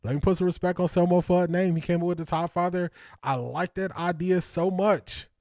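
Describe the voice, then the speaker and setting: A man's voice: high voice, fairly even intonation, brisk, mellow, no room sound, clean studio sound. Laughing slangy male stream host. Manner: laughs often, repeats phrases, slangy and playful. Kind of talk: casual live-stream chat reading comments.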